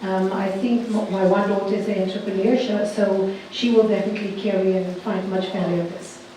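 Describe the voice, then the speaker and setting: Woman, mellow voice, audience remark, echoey hall, distant. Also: medium pitch, fairly even intonation, brisk, slight background noise. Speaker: audience member. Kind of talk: spontaneous remarks.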